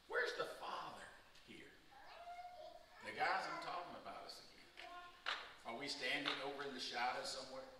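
A middle-aged man preaching a sermon in a conversational way, putting rhetorical questions to the men in the congregation. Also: mid-range voice. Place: church sanctuary. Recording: echoey hall from far off, audible noise.

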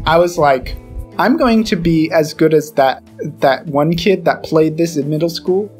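A man's voice: on the high side, a little slow, a little mellow, soft background music. Rambling young man scatting tunes. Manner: rambling, scatting melodies as he talks. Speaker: podcast co-host. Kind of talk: casual chat.

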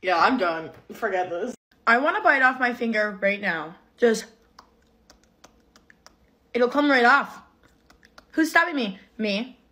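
A young woman with a high voice chats to her phone camera at home in a casual comedy vlog. She is giggly and dramatic, squealing and swooping all over her range as she plays up mock pain. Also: animated, measured pace, long pauses, sharp tone. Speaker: comedy content creator.

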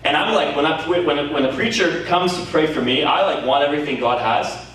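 A man with a Canadian accent preaching a sermon as pastor, telling stories in an animated way with laughter and exclamations. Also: fairly high pitch, fairly quick. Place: church meeting hall. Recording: echoey room from far off, faint noise.

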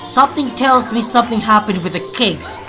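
A woman hosting a casual reaction video, excitable and swearing freely. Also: on the high side, a little fast, faint music behind.

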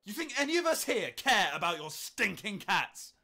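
An actor playing an angry middle-aged male neighbor, shouting abrasively. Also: high voice, very animated, moderate pace, full character voice. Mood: furious.

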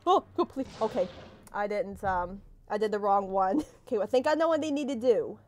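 A young woman playing a horror game, panicking, swearing and yelping as something chases her, then talking herself calm. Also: mid-range voice, brisk, a little hiss or hum. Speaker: gaming streamer. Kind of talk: let's play commentary. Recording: faint game music behind.

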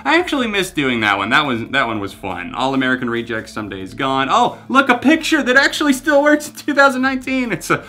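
Bright, animated young man. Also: medium pitch. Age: 20s. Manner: animated, sarcastic, self-mocking, swears often. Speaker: music YouTuber. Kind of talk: casual reaction commentary.

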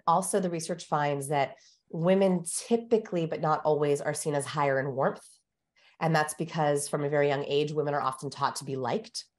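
Low-voiced woman coaching on speech. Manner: instructive, demonstrates vocal tones. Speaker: communication expert guest. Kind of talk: explanatory coaching talk.

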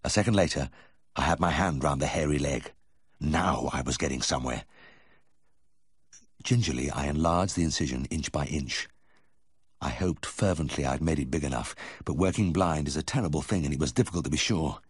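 Husky low-voiced male audiobook narrator. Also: no echo, studio quality. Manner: measured, vivid storytelling. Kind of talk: first-person memoir reading.

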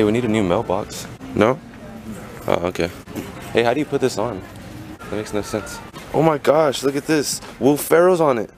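A man's voice: mid-range voice, creaky, darkish tone. A young man, casually vlogging, joking and teasing, swearing freely. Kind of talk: casual vlog chat.

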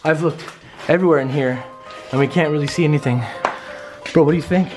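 A man's voice: a little high, quick pace, music in the background. Jittery young man vlogging a ghost hunt. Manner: jittery, talks straight to viewers, repeats himself. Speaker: vlogger host. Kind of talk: nervous ghost-hunt vlog narration. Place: inside a run-down house basement.

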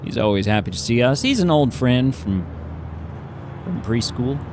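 A man's voice: medium pitch, very animated, moderate pace, noisy background. A young man giving casual, jokey commentary while playing a video game, talking to himself as he goes. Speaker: gaming YouTuber. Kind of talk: casual let's play commentary.

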